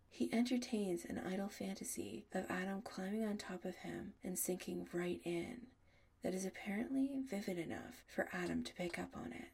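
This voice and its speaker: Husky, half-whispered woman narrator. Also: mid-range voice, moderate pace. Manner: soft, often half-whispered. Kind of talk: audiobook narration.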